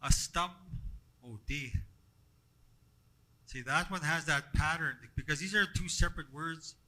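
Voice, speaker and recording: Halting man teaching a class. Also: on the high side, sharp tone, rough recording. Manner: halting, repeats words, asks the group questions. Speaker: language workshop instructor.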